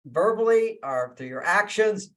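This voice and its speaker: Picture a man with a high, bright-sitting voice giving relationship advice over a video call. He is emphatic and drives points home by repeating key phrases. He slips into little acted-out lines of what a partner might say. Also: lively intonation, measured pace. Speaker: relationship speaker. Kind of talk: lecturing guest speaker.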